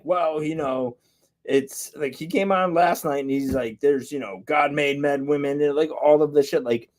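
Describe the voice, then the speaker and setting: A man co-hosting a podcast, talking in a heated, rambling way with lots of filler words and swearing. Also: medium pitch. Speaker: podcast co-host. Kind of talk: casual chat.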